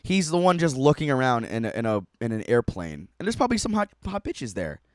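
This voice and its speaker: A man's voice: medium pitch, very animated, a little fast, no room sound, studio quality. A man streaming a reaction to a video, giving profane, mocking running commentary and laughing often.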